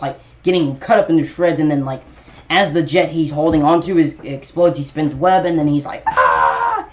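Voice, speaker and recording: A man's voice: a little high, a little mellow, lo-fi sound. A young man casually breaking down a movie trailer for his video channel, rambling with lots of fillers and restarts. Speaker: YouTube trailer reviewer.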